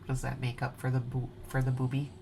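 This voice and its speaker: Her voice is a gravelly, warm bass, delivered completely flat and a little fast, with some hiss or hum present. She's a Wisconsin woman with an Upper Midwest American accent, chatting playfully at home at night while showing her cross-stitch projects and singing snatches of songs.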